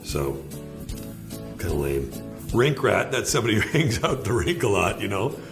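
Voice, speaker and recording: A man's voice: on the low side, very animated, normal speed, music in the background. A Canadian man from Canada, explaining slang in a laid-back, jokey, folksy way in a played clip.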